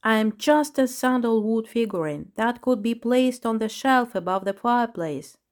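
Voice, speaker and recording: A woman voicing a little male elephant in a storybook, in a soft, childlike way. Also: a little high, expressive, normal speed, voice pushed up, lightly acted. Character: little male elephant, sad then cheerful. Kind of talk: storybook reading.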